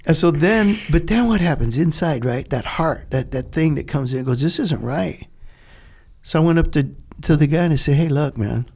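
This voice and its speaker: An older man, a retired Navy veteran, telling a lively story in a podcast interview, acting out the dialogue and laughing often. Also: on the high side, brisk, hardly any pauses. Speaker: guest, retired Navy SEAL.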